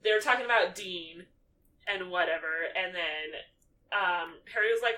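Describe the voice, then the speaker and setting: Bright-voiced woman recapping a film. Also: lowish voice, brisk, recorded from a distance, rough recording. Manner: animated, acts out quotes in character voices. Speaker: podcast co-host. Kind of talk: casual movie recap chat.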